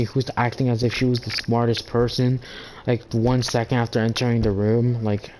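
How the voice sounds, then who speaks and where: A man rants on his own channel, talking at a middle pitch. He rambles, swears often and keeps restarting his sentences, so the talk feels loose and offhand. Faint noise sits under the voice. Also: darkish tone, poor audio. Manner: rambling, profane, full of "like" and restarts. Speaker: gaming channel host. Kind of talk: casual ranting monologue.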